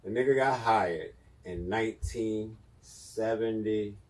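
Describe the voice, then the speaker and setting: Male podcast co-host, animated storyteller, voice set back from the mic. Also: fairly low pitch, slow pace, distant mic, rough recording. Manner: animated storytelling, swings loud and quiet. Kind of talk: casual chat.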